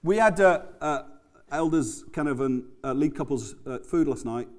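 A man's voice: a little high, normal speed. A man preaching a sermon in a loose, conversational way, often stumbling and restarting words as he tells the story. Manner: conversational, animated, stammering restarts. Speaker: pastor.

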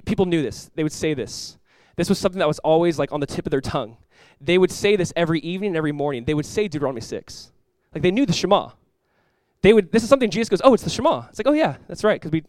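A young man preaching a casual, energetic sermon, reading scripture aloud and chatting with plenty of filler words. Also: high voice, no echo. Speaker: pastor.

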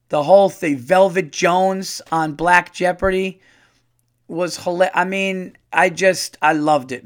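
Profane, fast-rambling comedian host. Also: male voice, a little high. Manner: profane, animated, rambling with restarts. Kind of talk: casual monologue.

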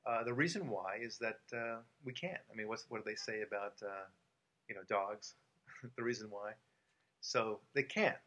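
A man's voice: lowish voice, moderate pace, a bit bright, muffled recording. An American man hosting a casual talk show, making his points with emphasis, repeating them and using many fillers. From United States. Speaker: podcast host and author.

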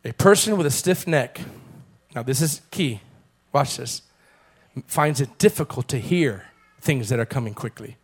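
A man preaching a sermon as pastor, calling on the congregation to repeat phrases and building to loud, fervent passages. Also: mid-range voice, animated, a little slow, husky. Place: church.

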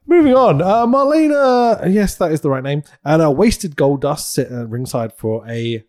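A man's voice: a little high, expressive, moderate pace, darkish tone. A man co-hosting a podcast, recapping a show in casual chat, laughing and swearing often. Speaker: podcast co-host.

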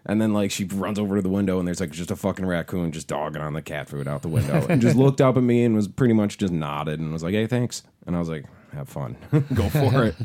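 Man, casual chat host, profane, rambling, laughs a lot, lowish voice. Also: fast, few pauses, dark tone. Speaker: podcast co-host.

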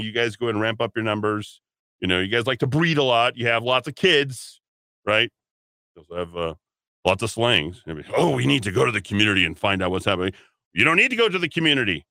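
Forceful, wry radio host man. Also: on the low side, no echo. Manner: rambling and sarcastic, with asides and chuckles. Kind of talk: casual radio monologue. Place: radio studio.

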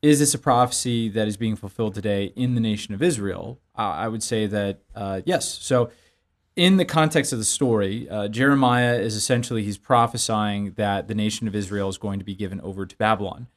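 Man, pastor, conversational Bible teaching, lively examples. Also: lowish voice, brisk. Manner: lively storytelling with everyday examples.

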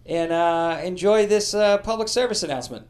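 A man's voice: sits high, moderate pace, a little mellow. A man hosting a podcast, telling comedic history stories with a profane, joking delivery. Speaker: podcast host.

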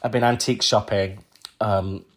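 A man's voice: lowish voice, steady tone, moderate pace. A man with a nasal, congested voice, co-hosting a podcast with dry joking chat. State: congested from allergies. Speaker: podcast co-host. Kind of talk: casual comedic chat.

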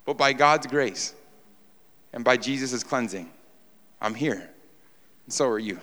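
A male preacher from New York delivers a sermon with a bright, forceful voice. He presses his points by repeating phrases and throwing out rhetorical questions. The sound rings with the long reverb of a large church hall. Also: mid-range voice, measured pace. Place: church sanctuary before a congregation.

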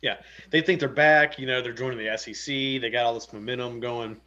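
A man's voice: medium pitch, fairly even intonation, fairly quick, pushed and bright. A man co-hosting a casual sports talk show in a laid-back, agreeable way. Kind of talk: casual chat. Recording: dull lo-fi sound.

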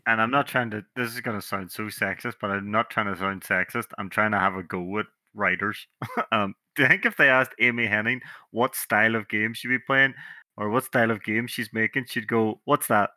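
A man's voice: fairly low pitch, bright, forceful tone, no room sound, studio quality. A man chatting casually about video games as a podcast co-host, joking and laughing as he talks. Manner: jokey, laughs often, puts on quick voices.

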